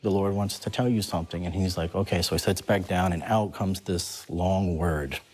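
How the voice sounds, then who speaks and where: A man's voice: low voice, fairly even intonation, normal speed, darkish tone. A man who is a guest on a talk show, animatedly telling a personal story and laughing as he goes.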